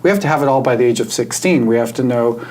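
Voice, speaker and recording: A man's voice: medium pitch, a little mellow, poor audio. Male guest, energy worker, sincere, reflective conversational delivery. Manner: earnest, reflective, slows down for emphasis. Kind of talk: casual spiritual conversation.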